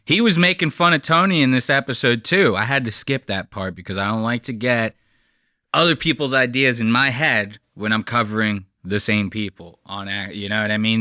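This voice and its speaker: A man's voice: mid-range voice, sharp tone, dry recording, clean studio sound. A man hosting his own channel, reacting to clips in a heated, profane, sarcastic rant. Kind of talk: casual commentary rant.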